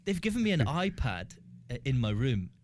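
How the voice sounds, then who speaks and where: A man's voice: mid-range voice, moderate pace, slight background noise. Scottish man telling comic stories. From Scotland. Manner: animated, acts out dialogue with voices. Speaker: comedian guest. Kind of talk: comic storytelling.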